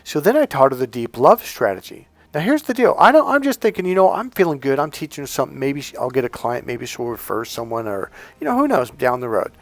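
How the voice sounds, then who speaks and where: Middle-aged male dating coach, mid-pitched voice, crude and lively delivery, dry close sound with faint music underneath. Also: fast talker, few pauses, dry recording. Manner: profane, animated, laughs while telling. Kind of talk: casual storytelling monologue.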